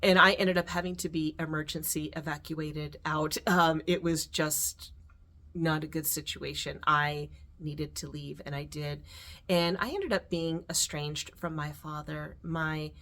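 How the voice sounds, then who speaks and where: A woman's voice: sits low, fairly even intonation, a little slow. Heartfelt middle-aged woman vlogging. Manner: heartfelt, rambling, with restarts and soft laughs. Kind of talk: personal storytelling vlog.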